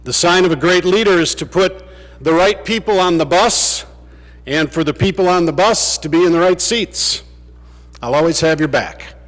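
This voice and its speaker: Bidding farewell to his colleagues in a large legislative chamber, a state legislator tells anecdotes with a dry wit. His voice is high-pitched and a bit bright, at a normal speed, trailed by the long reverb of the room.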